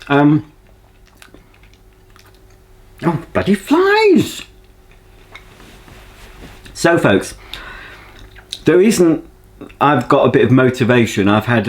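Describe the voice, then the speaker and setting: A man with a Yorkshire accent chatting casually to camera as a vlogger, rambling and homely with lots of ums. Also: lowish voice.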